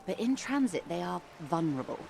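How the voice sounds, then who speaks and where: An actress voicing a composed, calculating corporate woman negotiator in a video game, measured and persuasive. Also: on the low side, sing-song, creaky, mellow, soft background music. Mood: calm, persuasive.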